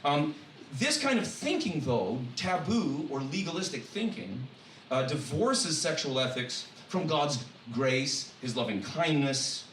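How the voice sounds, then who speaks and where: A man, a guest speaker and college professor, giving a humorous sermon-style talk in a church, animated and full of joking asides. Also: a little high, a little slow. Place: church hall. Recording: echoey hall from far off, faint noise.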